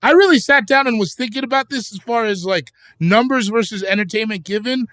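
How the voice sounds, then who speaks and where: A man's voice: high-pitched, brisk, a bit bright, dry recording, clean studio sound. A man co-hosting a podcast in casual banter, profane, playful and self-mocking. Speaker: podcast co-host.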